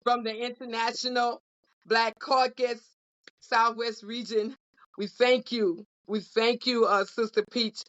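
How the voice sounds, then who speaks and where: Taking it slowly, a woman with a somewhat bright, high-side voice speaks in a flat delivery. She gives heartfelt closing remarks on a podcast panel as co-host for a union caucus, repeating phrases with emotional, preacher-like emphasis, on dull lo-fi audio.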